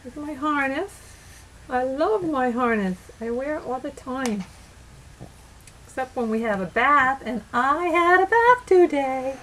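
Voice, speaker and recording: A woman speaking as her small pet pug in soft, slow baby talk, recorded at home on a laptop webcam mic. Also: sits high, expressive, slight background noise, low-quality recording. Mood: contented. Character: small clean pet pug dog, contented. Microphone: laptop built-in webcam mic.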